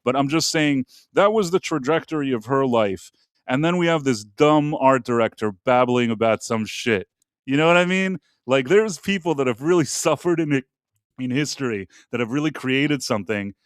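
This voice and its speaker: A male host talks loosely and bluntly, wandering between topics and dropping the odd swear word. His voice is mid-pitched and the sound is dry and close, with no room around it. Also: animated, moderate pace, dry recording. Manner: blunt, opinionated, rambling with profanity. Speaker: podcast host. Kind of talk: casual live-stream chat.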